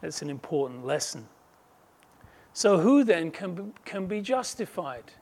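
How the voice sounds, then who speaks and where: Slow, emphatic high-voiced male preacher. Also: very animated. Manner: emphatic, swings between loud declaring and quiet asides; slow, measured delivery with quoted voices acted out. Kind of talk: sermon.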